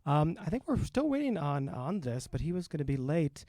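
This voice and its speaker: A man hosting a live open mic in a relaxed, rambling way with many fillers, speaking into a stage mic. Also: a little high, moderate pace, dry recording, clean studio sound. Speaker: open mic host and educator.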